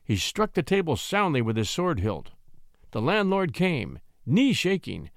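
A man narrating a classic short story with expressive storytelling. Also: a little high, unhurried, gravelly, no room sound, clean studio sound. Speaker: audiobook narrator.

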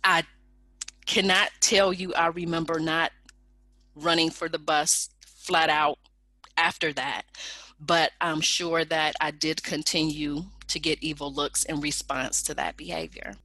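Woman telling a wild personal story, bright lowish voice, dry close sound, acts out everyone. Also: measured pace, no echo. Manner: animated, acts out quoted people in raised voices.

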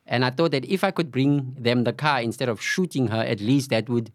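A man's voice: medium pitch, fairly quick, no echo. Dry-sounding man telling his story. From South Africa, Cape Flats. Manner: recounts events with acted-out quoted dialogue and frequent "you know". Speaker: podcast guest. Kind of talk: candid storytelling interview.

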